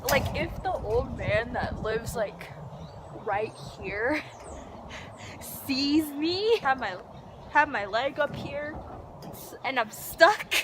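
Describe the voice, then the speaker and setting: A young woman vlogging on her phone in a backyard, excitable and giggly, gasping and sometimes dropping to a whisper. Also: high-pitched, takes it slowly, long pauses. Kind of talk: casual vlog chatter. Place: backyard outdoors. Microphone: handheld phone. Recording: noisy outdoor phone recording. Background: outdoor ambience with animals.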